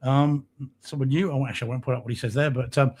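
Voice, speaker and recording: A man's voice: medium pitch, fairly even intonation, fast talker, darkish tone. A man co-hosting a podcast in a casual live-stream chat, reading out and greeting viewer comments. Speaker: podcast co-host.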